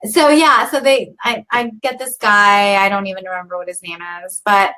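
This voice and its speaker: A woman's voice: mid-range voice, fairly even intonation, moderate pace, pushed and bright. A woman co-hosting a podcast, telling a story in casual chat, full of likes and you knows. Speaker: podcast co-host.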